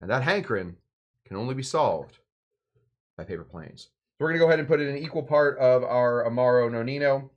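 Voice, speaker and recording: A man with a medium-pitched voice talks fairly quickly, the sound lo-fi. He's hosting a home cocktail show, mixing and tasting drinks while he rambles, jokes, and interrupts himself in a casual demo.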